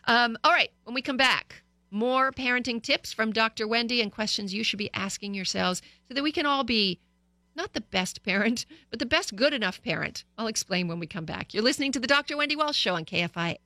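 A woman's voice: on the high side, brisk, bright, forceful tone, dry recording, faint music behind. A middle-aged woman hosting a radio talk show, speaking candidly and conversationally into a studio microphone.

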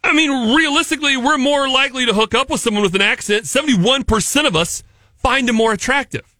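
Jokey high-voiced radio host man. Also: a little fast, sharp tone, dry recording, studio quality. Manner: jokey, does goofy fake accents. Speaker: radio morning show host. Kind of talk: casual radio banter.

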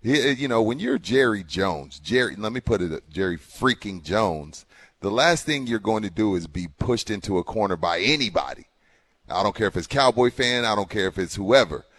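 A man co-hosting a morning sports radio show, animated and argumentative, building into passionate rants. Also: fairly low pitch, normal speed, husky. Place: radio studio.

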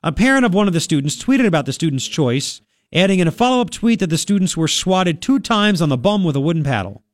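A man's voice: high-pitched, lively intonation, quick pace, no room sound. Male talk radio host, sniffly from a cold, sarcastic asides, close dry studio mic. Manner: sarcastic, chatty, reads news aloud with asides. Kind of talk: casual talk radio commentary. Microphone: studio microphone.

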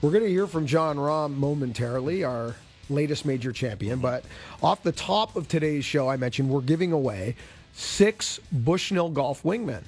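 High, lively chatty male show host. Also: normal speed, soft background music. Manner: chatty, animated, self-deprecating. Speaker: golf radio show host. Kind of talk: casual show chat and ad read.

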